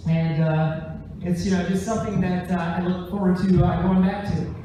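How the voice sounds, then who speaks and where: Male stand-up comic telling a story on stage, animated, very echoey theater, distant mic. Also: sits high, normal speed, a little hiss or hum. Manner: animated, jumps into voices. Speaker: stand-up comedian and musician. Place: large theater stage, live show.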